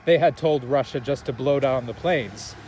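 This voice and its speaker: A man's voice: medium pitch, normal speed, darkish tone, a little hiss or hum, rough recording. A young man in casual chat, recapping a film in a rambling way, with lots of fillers and laughter.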